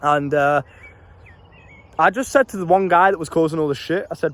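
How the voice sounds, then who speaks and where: Fast-talking brash young British man. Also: mid-range voice. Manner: swears freely, loose street slang; brash, laughs at his own stories. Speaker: life coach. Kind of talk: casual storytelling to camera.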